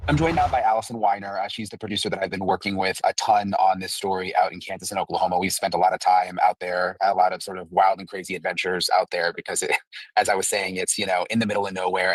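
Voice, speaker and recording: A male host introducing his producer in a quick, chatty way. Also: deep voice, breathy edge, dry recording, recorded from a distance, low-quality recording. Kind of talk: podcast interview introduction.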